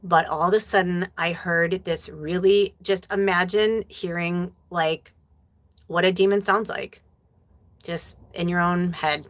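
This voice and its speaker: A spiritual medium in her forties hosts a live stream, casually telling her viewers a story. Her mid-range voice has a fairly bright tone, and she's chatty, swears freely, and uses plenty of fillers.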